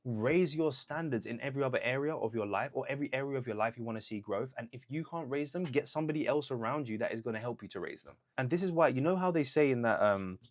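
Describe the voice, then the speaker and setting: A man's voice: medium pitch, expressive, fast talker, few pauses. Young male vlogger, earnest and chatty, mid-range voice, acts out little quotes as he goes. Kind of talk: motivational talk to camera.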